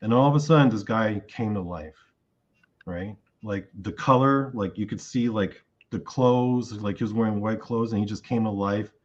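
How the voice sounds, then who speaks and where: The audio is dull, and the man talks at normal speed with a voice on the low side. Interviewed as a guest, he tells a long dream story conversationally, with animation, acting out his own words.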